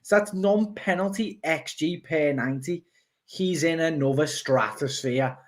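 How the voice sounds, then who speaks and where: A man's voice: on the high side, unhurried. A man giving tactics analysis on a casual panel show in an emphatic, tongue-in-cheek way.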